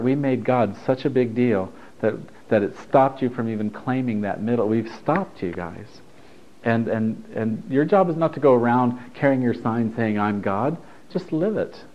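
A man's voice: medium pitch, normal speed, dull audio. A man giving a loose, conversational spiritual talk to a group, laughing and swearing freely as he teaches.

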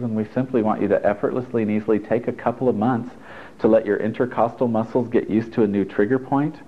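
A man, a therapist, talking a group through a workshop in a chatty, encouraging way with joking asides. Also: fairly low pitch. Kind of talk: live workshop talk to a group. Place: stuffy indoor room with an audience. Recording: tinny phone-like lo-fi recording.

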